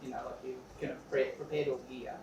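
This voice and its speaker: A man's voice: mid-range voice, little pitch movement, brisk, slight background noise. A man in a workshop audience making rueful, chatty remarks. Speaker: workshop attendee. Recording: far from the mic, roomy, loud background ambience.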